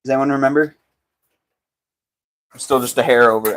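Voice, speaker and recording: A man's voice: medium pitch, fairly even intonation, moderate pace, fairly bright tone, a little hiss or hum. Chatty man joking with his viewers. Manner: joking, chatty, reads out and answers viewer comments. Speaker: livestreaming potter. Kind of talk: casual livestream chat.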